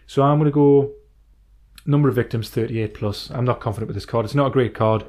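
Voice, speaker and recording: A man co-hosting a podcast in casual banter, excitable, joking and swearing freely. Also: medium pitch, a little fast. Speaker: podcast co-host.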